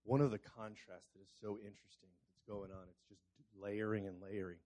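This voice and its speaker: A man's voice: fairly low pitch, fairly even intonation, fairly quick, mellow, poor audio. A man co-hosting a Bible discussion, explaining ideas step by step and checking in with his listener.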